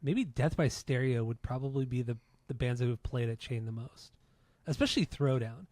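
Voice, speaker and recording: A man's voice: medium pitch, normal speed, a little mellow, no echo. A man in his forties from Southern California, hosting a podcast in a laid-back, chatty way. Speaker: podcast host. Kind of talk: casual podcast chat.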